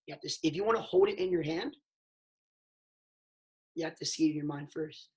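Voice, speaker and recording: An excitable man speaking as a network marketing mentor on a motivational call. His voice sits a little high for a man. He swings between hushed asides and loud, emphatic bursts, and keeps throwing in "bro". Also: fairly quick.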